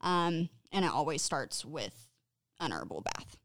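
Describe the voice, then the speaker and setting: A woman's voice: deep voice, very animated, a little slow, no room sound, studio quality. A woman giving casual self-care advice, candid and chatty, swearing freely and laughing at herself.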